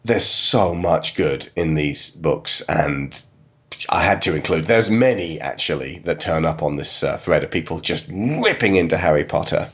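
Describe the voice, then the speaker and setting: A man's voice: rumbling low, lively intonation, normal speed, a bit bright. A man hosting a casual chat podcast, talking in a wry, conversational way. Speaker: podcast host.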